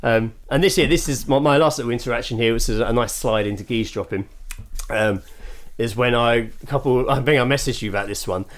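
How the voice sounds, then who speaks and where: A man's voice: medium pitch, fairly quick. A man from England co-hosting a casual podcast at a kitchen table, telling stories, acting out voices and laughing often. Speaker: podcast co-host. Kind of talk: casual chat. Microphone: studio mic with headphones.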